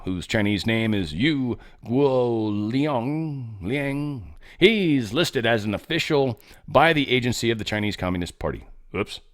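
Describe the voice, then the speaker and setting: Guy hosting his podcast, rambling and sarcastic about the headlines, swears here and there, middle-of-the-road pitch. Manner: rambling, sarcastic, profane asides. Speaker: podcast host. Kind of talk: casual news commentary monologue.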